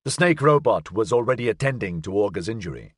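Man narrating a science fiction audiobook, lively intonation, dry close sound. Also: on the low side, quick pace, husky, dry recording. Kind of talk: scripted narration.

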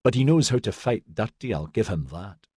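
A man's voice: lowish voice, animated, moderate pace, a little mellow, breathy edge, no echo, clean studio sound. A man voicing a cheeky, battered young constable with a wry, teasing manner.

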